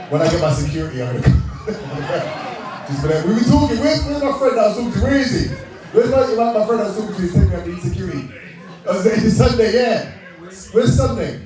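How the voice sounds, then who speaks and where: British male emcee, somewhat high voice, playful crowd banter; heard from off-mic in a boomy hall. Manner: joking, laughing, shouting out to the crowd. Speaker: awards night host. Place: large indoor event hall with a live crowd. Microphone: handheld microphone. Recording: echoey hall, distant mic, crowd noise.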